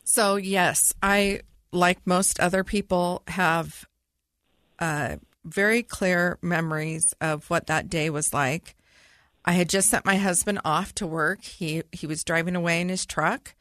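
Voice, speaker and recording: A woman's voice: lowish voice, fairly even intonation, measured pace, fairly bright tone, dry recording, clean studio sound. A middle-aged woman, a podcast co-host, earnestly telling a personal story in vivid detail.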